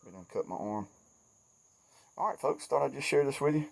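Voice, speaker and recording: A middle-aged Southern man rambling in a folksy, good-humored way at a mid-range pitch, still sweaty and shaky after working outdoors. Crickets and insects chirp behind him in the woods. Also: expressive, fairly quick, vocal fry. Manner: folksy, chatty, self-deprecating. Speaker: outdoors vlogger. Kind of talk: casual outdoor vlog.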